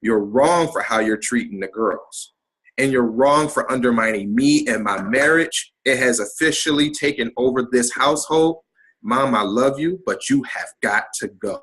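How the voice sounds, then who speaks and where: A man voicing a calm, firm wife. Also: medium pitch, normal speed, husky, low-quality recording.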